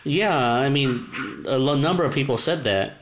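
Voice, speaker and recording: A man's voice: mid-range voice, expressive, normal speed, background noise. Hesitant man in casual chat. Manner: hesitant, restarts and repeats words. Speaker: conversation partner.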